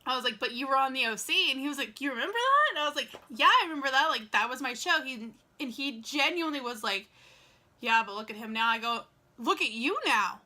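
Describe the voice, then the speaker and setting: A young woman vlogging straight to camera, telling a story in a loose, chatty way. She throws "like" in everywhere and acts out both sides of every exchange. Her voice sits a bit high and rings with a bright, forward edge. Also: brisk. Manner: chatty, lots of "like" and quoted dialogue. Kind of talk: casual storytelling vlog.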